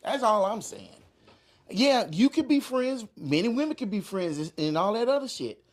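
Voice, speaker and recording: A man's voice: sits high, very animated, moderate pace. A man co-hosting a casual podcast, teasing and profane, handing out blunt advice. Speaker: podcast co-host. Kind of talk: casual chat.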